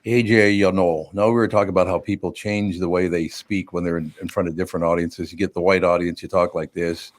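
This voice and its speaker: Deep-voiced joking male radio host. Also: little pitch movement, fairly quick, hardly any pauses, dry recording. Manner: joking, blunt, teasing co-hosts. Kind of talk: casual talk show banter and read ad.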